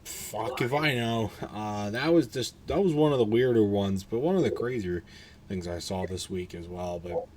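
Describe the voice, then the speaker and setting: A man's voice: on the low side, normal speed, darkish tone. A man hosting a casual podcast, sounding tired and rambling, swearing freely and restarting his sentences. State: tired, yawning. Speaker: podcast host.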